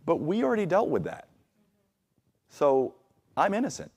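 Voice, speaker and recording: A man's voice: a little high, wildly swooping pitch, moderate pace, gravelly, a little mellow. A man preaching a conversational sermon in a church, acting out the voices he quotes. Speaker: pastor. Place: church sanctuary.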